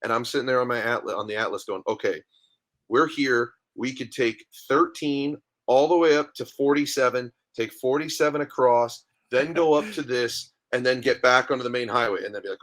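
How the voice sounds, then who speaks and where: A man, a guest on a podcast, chatting casually and telling animated stories with acted-out dialogue. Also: medium pitch, normal speed. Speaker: guest, minor league hockey goalie. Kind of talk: casual interview chat.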